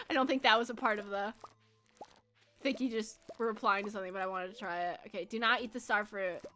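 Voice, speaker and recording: A woman's voice: medium pitch, fairly even intonation, fast, sharp tone, faint music behind. A young woman chatting casually with her viewers while playing a game, giggly and full of fillers. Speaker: game streamer. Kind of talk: casual chat while gaming.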